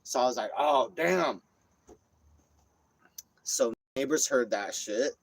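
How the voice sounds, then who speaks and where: A man vlogging, telling a rambling story full of cursing and lively retelling. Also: mid-range voice, moderate pace, low-quality recording. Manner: rambling, profane, animated retelling. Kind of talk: casual storytelling.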